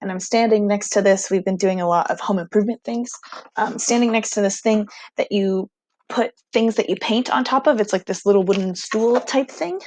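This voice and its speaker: A young woman teacher telling her students a casual, animated story, excitable and full of "like". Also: medium pitch, a little fast, dry recording.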